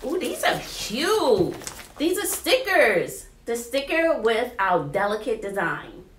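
A teacher, chatting excitedly to viewers while unboxing supplies in her classroom. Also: a little high, takes it slowly. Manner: animated, exclaiming, chatty with viewers. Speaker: teacher and vlogger. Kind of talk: casual unboxing chat to viewers. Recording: roomy, distant camera mic, faint noise.

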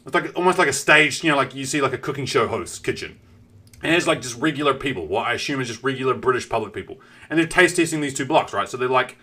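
A young man with a New Zealand accent, telling a story on a game stream in a profane, animated way. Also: medium pitch, quick pace. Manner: animated, profane, acts out the characters.

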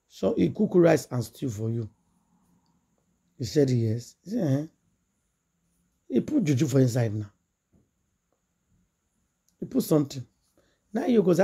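A woman's voice: low voice, vocal fry, dark tone, breathy edge. A woman with a Nigerian accent, a gossip vlogger retelling a story in Pidgin English and acting out the quoted dialogue in a chatty, dramatic way.

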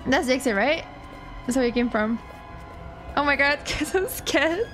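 A woman streamer commenting on a horror game, excitable, giggling and shrieking when scared, with game sounds behind. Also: high-pitched, moderate pace. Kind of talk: live gaming commentary. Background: game music and sounds.

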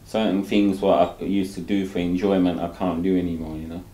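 A man's voice: low-pitched, level tone, a little fast, mellow, a little hiss or hum. A man talking candidly in an interview. He rambles and tags his lines with "you know," often with rueful laughter. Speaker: interviewee, dialysis patient. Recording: roomy echo.

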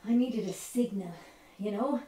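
An actress playing a lively Spanish woman who has moved to Ireland, with a Spanish accent, telling her story in a one-woman theatre monologue with lots of playful laughter. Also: mid-range voice, unhurried, recorded from a distance, close to an everyday voice. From Spain. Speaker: stage performer. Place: theatre stage. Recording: roomy stage sound from afar, faint music.

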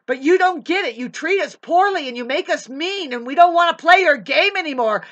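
In a heated, preachy vlog monologue, a woman lectures her listeners and swears often. Her voice sits high and sounds a bit bright, expressive and brisk.

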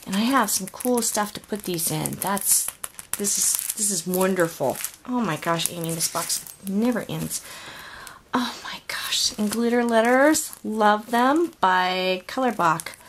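A woman's voice: medium pitch, measured pace, a little hiss or hum. A woman opening a craft swap package on video, gushing and gasping with delight at each item. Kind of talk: unboxing vlog.

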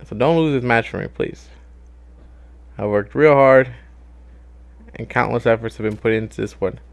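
Young guy gaming commentary, swears a lot, yells at the screen, normal mid voice. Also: medium pitch, moderate pace, gravelly. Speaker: gaming YouTuber. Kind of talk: casual gameplay commentary.

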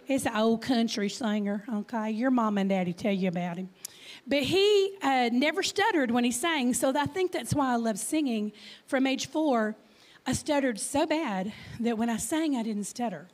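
A woman's voice: a little high, lively intonation, measured pace. A woman in her fifties with a Texan accent, giving a chatty guest talk in church, with a slight stutter and lots of questions to the crowd. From Texas. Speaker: guest speaker.

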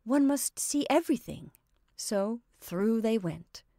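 A woman giving a measured, expressive reading of a literary short story as narrator. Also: a little high, dry recording, clean studio sound.

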